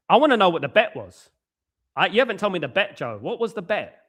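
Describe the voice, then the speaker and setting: London bloke hosting a stream, bit high-pitched, chatty and jokey. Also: male voice, sing-song, fast talker. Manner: chatty, rambling, teasing, swears freely. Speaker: host. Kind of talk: casual live-stream chat answering viewers.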